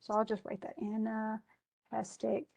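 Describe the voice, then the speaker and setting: A woman teaching a class, talking in a loose, conversational way full of restarts and asides. Her voice sits a little higher than most. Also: monotone, a little slow, creaky, darkish tone. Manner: chatty, with many restarts and asides. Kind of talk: recorded class lecture.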